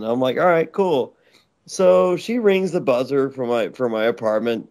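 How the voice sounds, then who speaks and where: A man appears as an interview guest in Los Angeles, telling a rambling, crude story full of stammers and frequent laughter. His mid-range voice is expressive and a bit dark, moving at a normal speed through casual storytelling laced with crude jokes.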